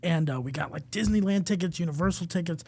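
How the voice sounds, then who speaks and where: Quick-paced, on the high side and marked by vocal fry, this young adult man co-hosts a podcast in a dry recording. He's an animated storyteller in casual chat, swearing freely and performing the quotes in character voices.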